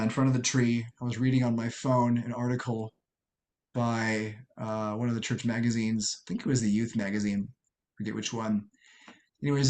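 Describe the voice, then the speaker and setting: Middle-aged American man, podcast guest, earnest and halting, mid-pitched voice. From United States. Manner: earnest, halting, many restarts and fillers. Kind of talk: personal storytelling interview.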